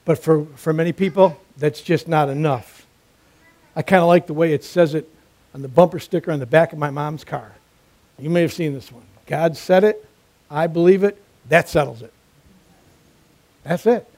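At a moderate pace, a male preacher works through his sermon using emphatic repetition and easy storytelling. His voice is warm and mellow, slightly high for a man, and his points build steadily through repeated phrases.

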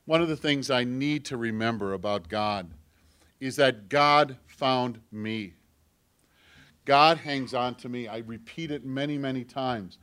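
In an unhurried, clean-toned mid-range voice, a male pastor tells a personal story through his sermon, alternating emphatic loud passages with quiet, almost whispered moments.

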